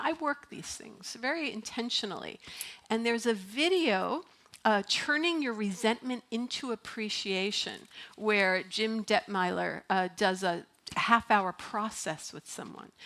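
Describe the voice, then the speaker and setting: A woman's voice: mid-range voice, a bit bright. A middle-aged woman minister giving a sermon in a church, talking in a chatty, playful way and laughing often. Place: church sanctuary.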